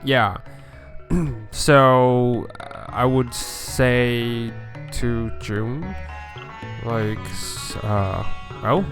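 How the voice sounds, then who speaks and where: A man plays in a tabletop game, hesitant in his speech and laughing often. He talks very slowly, and soft music plays faintly in the background. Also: medium pitch, fairly even intonation. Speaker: player. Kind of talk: casual chat.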